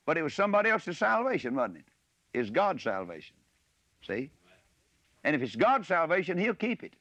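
A man's voice: fairly high pitch, big pitch swings, normal speed, long pauses, dry recording. Folksy preacher man with a soaring voice. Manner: folksy asides that swell into loud preaching on scripture. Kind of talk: sermon. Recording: dull lo-fi recording.

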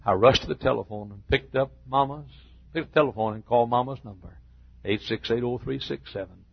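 An older man preaching in a church, retelling a personal story in a halting, heartfelt way with repeated phrases. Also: medium pitch, vocal fry, husky, no room sound, dull audio. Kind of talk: emotional sermon storytelling. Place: church sanctuary.

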